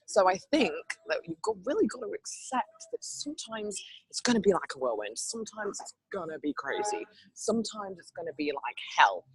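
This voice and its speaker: A woman from England hosts a motivational talk, telling stories in an animated way and adding sound effects. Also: low-pitched, breathy edge, no echo, rough recording. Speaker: host.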